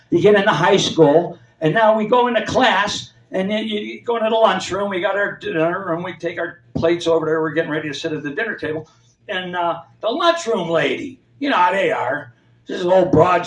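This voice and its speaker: A man's voice: high voice, a bit bright. A man in his seventies telling rambling stand-up anecdotes on a comedy club stage and acting out the voices of people in his stories. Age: 70s. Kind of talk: stand-up storytelling. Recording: roomy club sound from far off.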